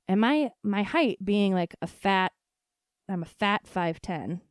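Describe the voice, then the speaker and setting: A woman's voice: medium pitch, lively intonation, slow pace, clear, resonant tone, no echo, studio quality. A woman hosting a casual solo podcast, talking frankly and swearing freely, often laughing. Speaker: podcast host.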